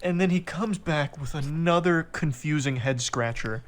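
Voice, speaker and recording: Man, slightly higher voice, exasperated mocking commentary reading texts aloud. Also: normal speed. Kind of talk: reaction video commentary.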